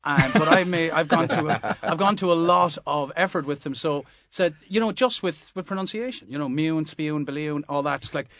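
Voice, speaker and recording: A man's voice: a little high, a little fast, few pauses, fairly bright tone, dry recording, studio quality. A man from Limerick, a guest on a radio panel, making his points emphatically through stories. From Limerick, Ireland. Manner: anecdotal, emphatic.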